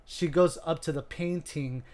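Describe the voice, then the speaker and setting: A man's voice: fairly high pitch, a little slow. A man co-hosting a podcast, animatedly recapping a horror movie plot at a podcast microphone in casual chat. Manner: animated storyteller, laughs easily. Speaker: podcast co-host.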